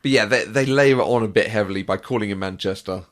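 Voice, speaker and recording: A man's voice: lowish voice, fast. A man co-hosting a podcast, explaining plot points of a TV show in a casual, dry way. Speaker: podcast co-host. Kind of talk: casual TV review chat.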